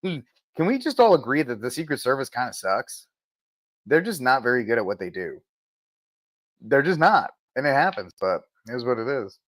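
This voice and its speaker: A man's voice: medium pitch, big pitch swings, normal speed, pauses often, fairly bright tone, no room sound. Guy hosting a podcast on the road, reads the news then snarks about it, dry close sound. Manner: sarcastic asides between read-out news items. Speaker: podcast host. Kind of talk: casual news commentary, reading headlines. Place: streaming from the road. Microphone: mobile setup with spotty reception.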